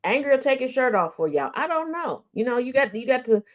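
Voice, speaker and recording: A chatty woman hosts a casual live radio stream and talks straight to her listeners. Her voice sits a little high, and she teases them and laughs often. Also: very animated, fairly quick. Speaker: radio show host. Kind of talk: casual livestream chat.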